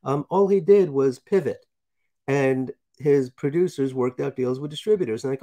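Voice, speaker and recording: A man's voice: medium pitch, moderate pace, dark tone. A man from New York hosting casual commentary, reading articles aloud and sarcastically nitpicking their grammar and pronunciation. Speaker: commentary host.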